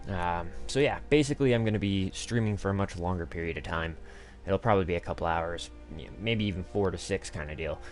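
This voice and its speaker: Man, very deep voice, gaming streamer, casual live-stream commentary, crude and profane, rambling with fillers. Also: quick pace, few pauses, soft background music.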